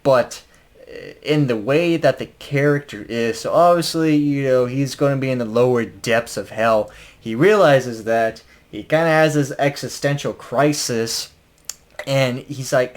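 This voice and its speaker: A man with a mid-range voice reviews an album casually and unhurriedly, rambling with plenty of fillers and restarts. Now and then he chuckles as he talks.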